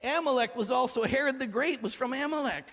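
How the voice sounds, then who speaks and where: A man preaching a sermon as pastor, dramatic, swinging from shouting to hushed tones. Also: very high voice, brisk. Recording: reverberant hall.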